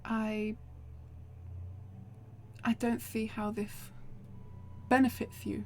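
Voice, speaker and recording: A woman's voice: on the high side, little pitch movement, very slow, long pauses, warm tone, faint music behind. A woman playing a tabletop game, anxious and hesitant as she speaks for her character. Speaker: player. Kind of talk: casual tabletop game play.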